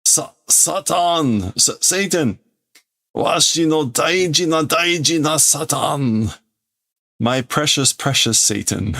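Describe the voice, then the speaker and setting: A man's voice: a little high, lively intonation, slow, gravelly, sharp tone, voice pushed up, exaggerated voice. A man voicing a frantic, possessive old male villain who shrieks in flustered outbursts while reading from a comic book.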